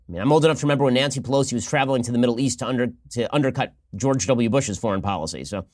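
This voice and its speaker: A man delivering fast, sarcastic political commentary from a close studio mic, sometimes acting out mock phone calls. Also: medium pitch, a little mellow, dry recording. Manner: rapid-fire, sarcastic, acts out mock dialogues.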